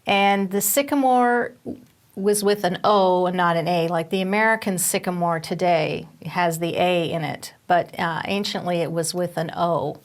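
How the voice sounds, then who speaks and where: A woman's voice: on the low side, steady tone, normal speed. A woman Bible teacher giving a recorded teaching session, explaining step by step with fillers and restarts.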